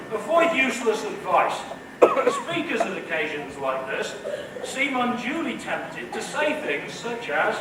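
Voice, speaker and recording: A man giving a humorous commencement address as a professor, with a dry, witty delivery. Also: high-pitched. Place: large indoor hall. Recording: echoey hall, distant mic, noisy.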